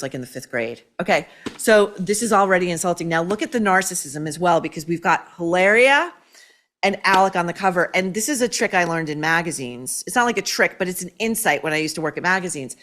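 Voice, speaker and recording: A woman's voice: on the low side, fairly bright tone, slight background noise. A woman hosting a commentary show, scathing and sarcastic as she tears into her subject. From United States. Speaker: host. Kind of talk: opinionated commentary.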